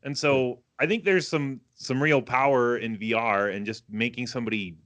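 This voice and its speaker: Casting: man in his thirties, bright forceful tone, loose rambling podcast delivery. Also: medium pitch, normal speed. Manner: rambling, self-correcting explanations. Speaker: podcast co-host. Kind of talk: casual chat.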